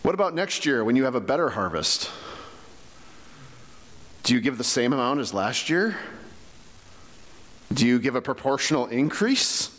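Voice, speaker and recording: A man's voice: medium pitch, big pitch swings, moderate pace, long pauses, fairly bright tone, in a large hall. A man preaching a sermon as pastor, in a conversational way full of rhetorical questions. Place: church sanctuary.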